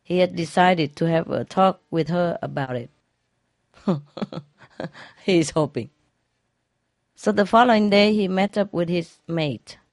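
Slow, chuckling joke teller with a dry, close sound and loose grammar. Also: mid-range voice, no room sound. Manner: laughs at own jokes, non-standard grammar. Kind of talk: telling a string of jokes.

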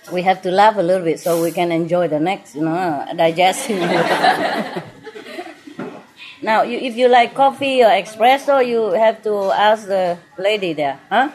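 A woman's voice: medium pitch, measured pace, long pauses, noisy background. A woman guiding a group at a restaurant table, joking and teasing in playfully non-native English and laughing often. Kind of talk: casual joking chat.

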